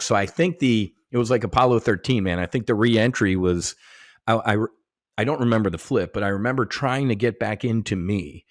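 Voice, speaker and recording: A middle-aged man from the United States, speaking as a podcast guest in a somewhat low voice. His storytelling is loose and animated, full of slang, swearing and restarts. The recording is dry, with no room sound. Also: fairly quick, dry recording. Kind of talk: casual conversation.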